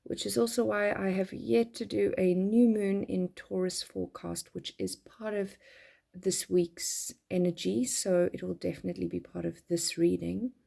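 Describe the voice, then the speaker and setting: A woman with a croaky voice from being unwell, giving a casual weekly tarot reading in a gentle, unhurried way. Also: medium pitch, steady tone. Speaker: tarot reader.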